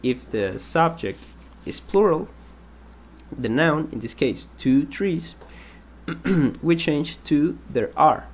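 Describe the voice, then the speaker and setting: A man teaching an English grammar lesson, patient and explanatory, repeating example sentences and pausing with ums. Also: on the high side, expressive.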